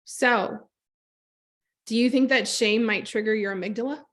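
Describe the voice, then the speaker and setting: A woman coaching a group on a call, telling a personal story in a lively, conversational way and speaking straight to her listeners. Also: on the high side, a little slow. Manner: animated storytelling, acts out quoted voices; conversational, direct address to listeners. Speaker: trauma-informed business coach.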